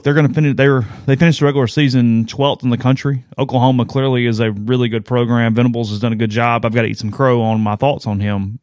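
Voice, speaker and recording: A man in a middle voice speaks plainly on a sports podcast, tossing in quick blunt lines and short agreeing asides between longer points. The mic is dry and close. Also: medium pitch, a little mellow, no echo. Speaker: podcast co-host. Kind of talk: casual sports talk.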